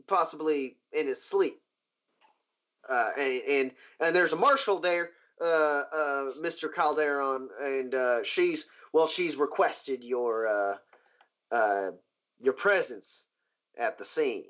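A man's voice: medium pitch, fairly bright tone. A man voicing a nervous, flustered guard who stammers and halts mid-sentence. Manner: stammering, halting. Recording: dull lo-fi recording.

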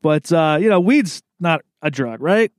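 Young man, East Coast accent, solo podcast host, slightly high voice, dry studio sound, rambling and laid-back. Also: lively intonation, measured pace, no echo. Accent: American East Coast. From Maryland, USA. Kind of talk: casual solo podcast monologue. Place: recording studio.

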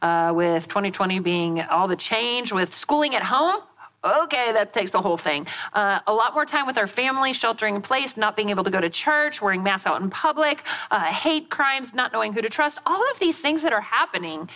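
A middle-aged woman pastor preaching a sermon, telling a story in a folksy, animated way. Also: medium pitch, brisk.

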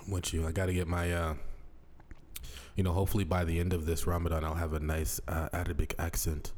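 A podcast co-host in his late thirties chats in a casual comedic way, speaking quickly in a deep voice. He's animated and jokey, often breaking into laughter and mock accents.

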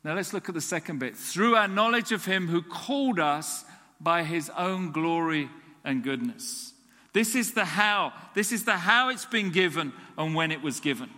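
A man preaching a sermon as a pastor, acting out little dialogues with God to make his point. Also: high-pitched. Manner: animated, acts out dialogue with God. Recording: long hall reverb.

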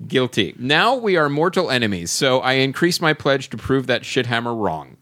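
A man's voice: mid-range voice, big pitch swings, moderate pace, a bit bright. A man hosting a podcast, reading listener comments aloud in a mock-grand way and often breaking into laughter. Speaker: podcast host.

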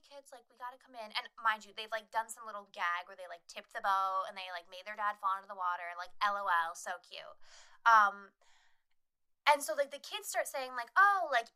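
A woman co-hosting a podcast, recapping a horror movie in casual chat, swearing often and acting out scenes in quick voices. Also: fairly high pitch, bright, forceful tone, clean tone. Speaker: podcast co-host.

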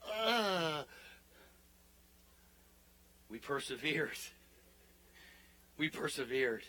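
A man preaching a sermon as pastor, building to fervent declarations and dropping into soft, hushed prayer. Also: mid-range voice, unhurried, slightly rough, low-quality recording.

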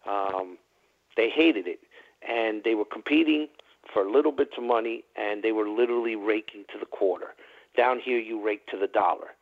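Over a tinny phone line, a male caller to a radio talk show tells a long, rambling story. His voice is fairly low and his speed normal, and his chatty delivery is packed with "you know" fillers.

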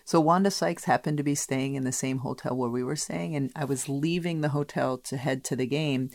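A woman in her fifties co-hosting a casual podcast, brisk and matter-of-fact, quick to correct her partner. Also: extremely low pitch, steady tone, creaky, a little mellow, dry recording. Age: 50s. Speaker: podcast co-host, sports broadcaster. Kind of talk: casual chat.

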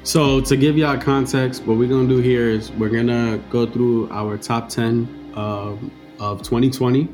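A man co-hosting a podcast in relaxed, slangy chat. His voice sits at a middle pitch. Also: unhurried, few pauses, soft background music. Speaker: podcast co-host. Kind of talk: casual chat.

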